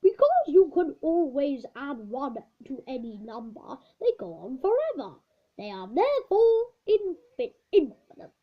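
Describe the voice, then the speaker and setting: A woman voicing an old male maths teacher who lectures loudly and gets irritated easily. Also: sing-song, a little slow. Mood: lecturing. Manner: loud, lecturing, rising pitch. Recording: dull lo-fi recording.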